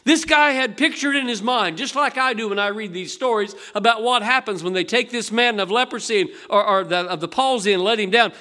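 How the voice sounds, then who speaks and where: A man's voice: high voice, a little fast, hardly any pauses, sharp tone. An older man preaching a sermon in a folksy, conversational way, asking the congregation rhetorical questions. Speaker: pastor.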